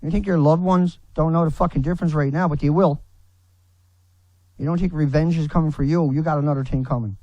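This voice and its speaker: A man delivering a furious, profanity-laden rant to camera, breaking into shouts. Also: fairly high pitch, steady tone, fairly quick, no room sound, dull audio. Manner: furious, swearing, shouting in bursts.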